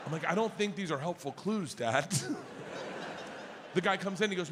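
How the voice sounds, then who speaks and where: A male stand-up comedian telling a story on stage, loud and profane, acting out his family's voices. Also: on the high side, normal speed, long pauses. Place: large theater stage with audience laughter. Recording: live hall recording with ambient noise.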